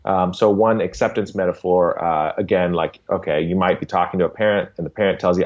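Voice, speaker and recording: A man's voice: deep voice, fairly even intonation, a little fast, few pauses, a little mellow, lo-fi sound. A man, a behavior analyst, patiently explaining concepts as a podcast guest and often checking in with "right?". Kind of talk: conversational explanation in an interview.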